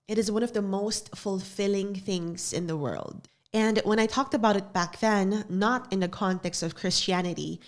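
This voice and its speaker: Solo podcast host, young woman, lowish voice, earnest and confessional, studio-recorded. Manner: earnest, confessional, repeats phrases for emphasis. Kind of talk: reflective solo podcast talk.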